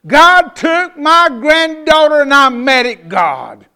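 A man's voice: very high voice, big pitch swings, takes it slowly, sharp tone, pitched above the performer's own voice, exaggerated voice. A man voicing a grieving grandmother who angrily repeats herself. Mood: angry grief. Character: grieving grandmother, shrill and furious.

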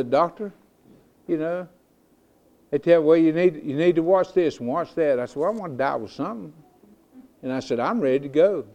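An older man, preaching in a folksy storytelling way that swells into loud, emphatic declarations. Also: a little high. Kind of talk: sermon.

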